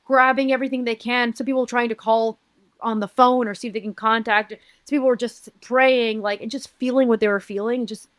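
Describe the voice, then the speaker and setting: Woman from Uruguay, podcast guest, earnest halting storytelling, fairly high voice, dry close sound. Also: steady tone, no room sound. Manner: earnest, halting, many restarts. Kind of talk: personal storytelling in conversation.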